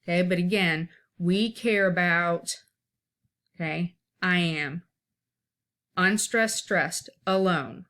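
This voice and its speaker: A woman's voice: lowish voice, slow, long pauses, bright, forceful tone. A woman teaching an informal one-take lesson, explaining step by step and checking in often to see that her listeners follow.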